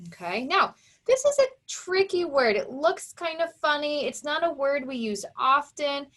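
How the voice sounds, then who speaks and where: A woman's voice: high-pitched, lively intonation, unhurried, a bit bright. A woman teacher giving a reading lesson to young children, patiently sounding out letters and syllables.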